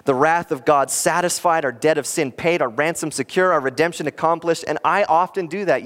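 A man preaching as a pastor in an earnest, animated sermon, often acting out quoted lines. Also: on the high side, brisk, few pauses.

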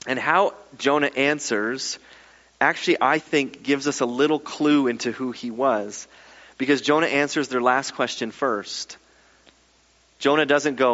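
A man preaching a sermon, reading scripture aloud and then explaining it with lively, casual asides. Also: mid-range voice, unhurried. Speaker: pastor. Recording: muffled echoey hall.

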